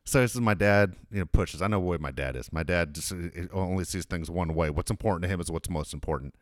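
A man's voice: sits low, fast talker, no room sound, studio quality. A man in casual chat, telling a long, profane family anecdote in a rambling way.

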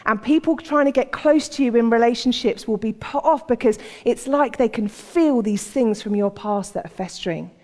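A woman's voice: a little high, moderate pace, few pauses, darkish tone. A woman giving a sermon in a conversational storytelling manner, acting out the voices in the stories she tells. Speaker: preacher. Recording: long hall reverb.

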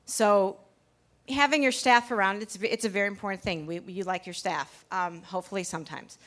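A woman's voice: medium pitch, normal speed, a bit bright. A woman pastry chef telling a candid personal story to a live audience in a packed bar, chatty and full of restarts. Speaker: pastry chef giving a talk.

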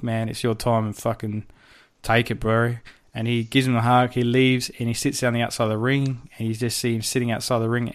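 A man co-hosting a podcast in casual chat, recapping a film in a rambling way with restarts and casual swearing. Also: medium pitch. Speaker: podcast co-host.

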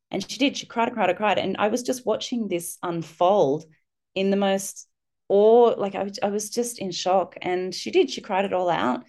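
A middle-aged woman, a guest on a parenting podcast, telling a personal story with lively, animated delivery. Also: mid-range voice, moderate pace. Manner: warm, animated storytelling, acting out children's voices.

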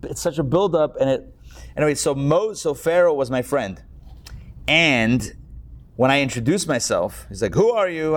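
Joking, chatty rabbi teaching a class. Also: male voice, a little high. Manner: joking, chatty, digressive, talks with the audience. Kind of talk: casual live Torah class with jokes. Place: class room before a live audience.

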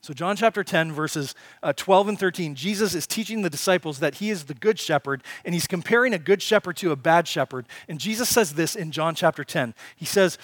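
Pastor guy preaching, kinda high voice, dry close sound, rhetorical questions, goes loud then hushed. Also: animated, fairly quick, few pauses, no room sound. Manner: emphatic preaching, swings between loud and hushed; asks rhetorical questions of the congregation. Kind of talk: sermon.

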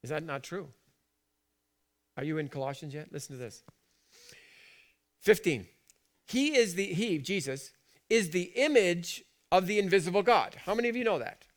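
A man preaching a sermon in a church, chatty and full of questions to the congregation, moving between soft asides and loud emphatic lines. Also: sits high, animated, normal speed, pauses often. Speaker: pastor.

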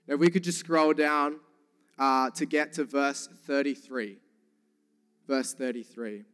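A man's voice: mid-range voice, measured pace, smooth, big-room sound. A young man with a New Zealand accent, preaching a sermon and telling funny stories to the congregation. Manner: lively storytelling, jokes with the congregation. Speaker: youth pastor.

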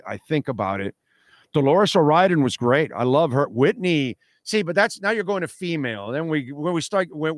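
A man's voice: mid-range voice, no echo, clean studio sound. A man hosting a radio show, talking casually and emphatically, often repeating himself and answering listener comments. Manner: emphatic, repeats "no, no, no", reacts to chat. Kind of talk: casual opinionated radio talk. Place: radio studio.

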